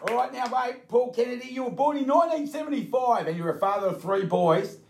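A man's voice: very high-pitched, a little fast, creaky, reverberant, background noise. A man with an Australian accent co-hosting a podcast, chatting casually and calling people mate. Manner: blokey, animated, says mate a lot. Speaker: podcast co-host. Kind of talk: casual chat.

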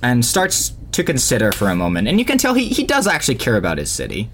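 Animated male game master. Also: fast talker, a little hiss or hum. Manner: animated storytelling with sudden pitch leaps. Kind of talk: narrating a tabletop game.

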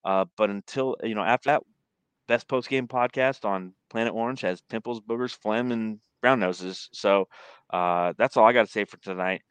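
A man's voice: fairly low pitch, normal speed, clear, resonant tone, no room sound. A man hosting a casual sports podcast, telling rambling stories and laughing often. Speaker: podcast host. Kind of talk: casual chat.

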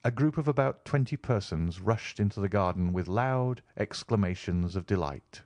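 A man reading a classic novel aloud as an audiobook in a measured, expressive way. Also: fairly low pitch, no room sound. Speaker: audiobook volunteer reader. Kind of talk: scripted narration of a classic novel.

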